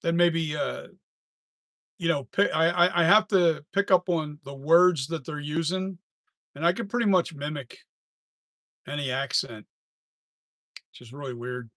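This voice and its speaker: A man's voice: on the high side, a little slow, pauses often, fairly bright tone, dry recording, studio quality. A man who makes masks, chatting casually on a live stream, rambling and often trailing off and restarting sentences. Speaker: mask maker and live streamer.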